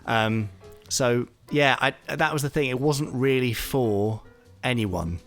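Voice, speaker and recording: A man talking as a podcast guest, thoughtful and hesitant with many pauses and fillers. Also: medium pitch, soft background music. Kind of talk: casual podcast talk.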